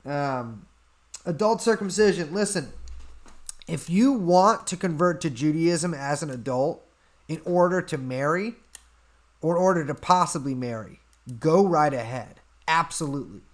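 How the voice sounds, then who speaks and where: A man hosting a casual livestream, reading out chat questions and answering them in an offhand, deadpan way at a desk mic. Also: a little high, a little slow. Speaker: podcast host answering chat.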